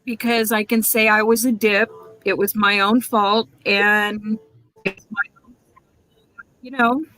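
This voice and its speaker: A woman's voice: medium pitch, little pitch movement, takes it slowly, long pauses, sharp tone, low-quality recording. A woman hosting a casual chat, reflective and talkative, trading her own stories. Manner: reflective, chatty, trades stories. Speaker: host.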